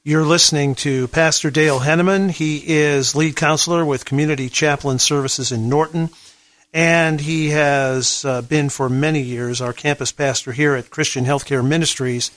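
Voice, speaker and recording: A man's voice: on the high side, steady tone, moderate pace, a bit bright, no room sound. A man hosting a radio interview, giving brief attentive responses and announcing his guest. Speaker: radio show host. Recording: dry close studio sound.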